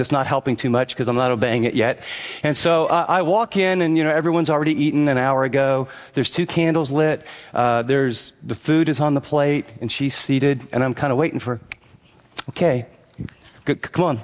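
A middle-aged man preaching a sermon, telling a personal story and then pressing his points with emphatic, repeated lines and quoted asides. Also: fairly high pitch. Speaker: pastor. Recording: long hall reverb.

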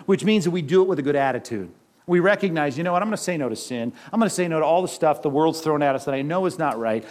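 High-voiced man preaching a lively sermon. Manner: animated preaching with rhetorical questions. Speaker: pastor.

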